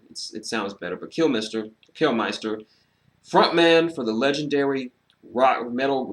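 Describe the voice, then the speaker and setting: A man giving a casual, animated solo review of a wrestling show, sarcastic and swearing freely, with frequent fillers. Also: mid-range voice.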